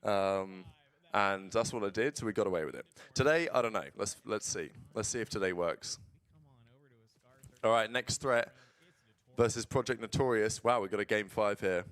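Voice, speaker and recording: A man with a lowish voice streams casual esports watch-along commentary at a moderate pace in a dry recording. Blunt and prone to swearing, he breaks into excited play-by-play.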